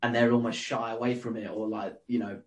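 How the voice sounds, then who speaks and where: A man hosting a podcast, asking thoughtful questions with many pauses and ums. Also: medium pitch, flat delivery, low-quality recording. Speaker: podcast host. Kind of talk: interview questions.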